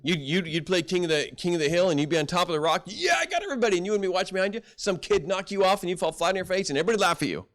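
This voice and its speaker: A man's voice: sits high, fairly even intonation, rapid-fire, few pauses, fairly bright tone. A middle-aged male pastor preaching a sermon in a folksy storytelling way, acting out quoted voices.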